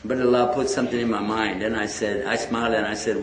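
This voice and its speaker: A man's voice: lowish voice, little pitch movement, fast. A man giving a storytelling lecture about his faith, acting out the dialogue of the people he talks about. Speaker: Islamic lecturer. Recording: echoey hall.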